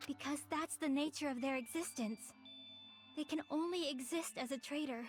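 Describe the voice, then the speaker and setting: A soft-spoken young girl from a video game speaks in a high, gentle voice, played by a woman. She sounds measured and hesitant, choosing each word with care. Faint music sits under her lines. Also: natural voice. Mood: pleading. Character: calm soft-spoken young girl who confesses as the traitor.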